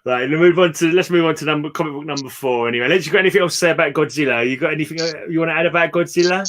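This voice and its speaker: A man hosting a casual chat, relaxed, asking loose rambling questions and laughing easily. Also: on the high side, racing. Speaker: host.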